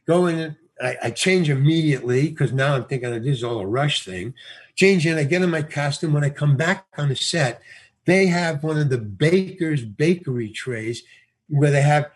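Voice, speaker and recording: A man's voice: fairly high pitch, moderate pace, breathy edge. A man telling a casual anecdote, acting out the dialogue and laughing often. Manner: animated storyteller, acts out dialogue, laughs often.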